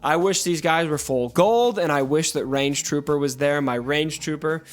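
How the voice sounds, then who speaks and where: A man's voice: on the high side, moderate pace. A man hosting a casual gaming commentary video, talking in a playfully dramatic, mock-mournful way. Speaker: gaming YouTuber host.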